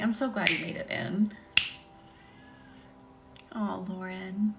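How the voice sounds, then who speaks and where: A woman leading a live energy-healing session, calmly guiding affirmations, slipping into soft whispers and chatting with viewers from home. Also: mid-range voice, takes it slowly, gravelly, heavy background noise. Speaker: Reiki healer. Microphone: phone on a live stream. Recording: music playing behind.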